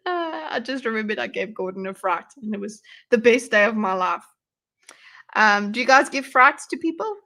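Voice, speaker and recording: A woman hosting a casual livestream panel with a bright, slightly high voice. She laughs often and swears without a second thought, talking loosely over her streaming mic. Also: expressive, measured pace, long pauses. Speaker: streamer host.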